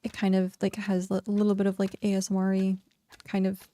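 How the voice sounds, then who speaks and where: A woman's voice: medium pitch, monotone, brisk, mellow. A woman streaming a game and chatting casually, filling her talk with "like" and laughing often. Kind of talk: casual livestream chat.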